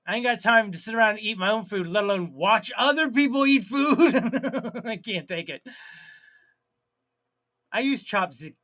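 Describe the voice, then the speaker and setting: High, bright-voiced joking stream host. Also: male voice. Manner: jokey, laughs at his own jokes, reads chat aloud; drawn-out words and sudden loud outbursts. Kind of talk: casual live stream chat.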